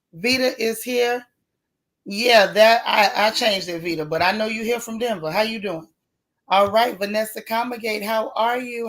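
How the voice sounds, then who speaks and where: A woman's voice: on the high side, a bit bright. A woman hosts a casual live stream, greeting viewers one by one in a folksy, chatty way. Her voice sounds strained and a bit worn. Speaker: livestream host.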